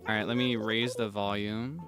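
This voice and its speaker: A man streaming a game, chatting casually and rambling between sudden loud, high outbursts. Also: little pitch movement, normal speed, music in the background. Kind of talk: casual gameplay chat.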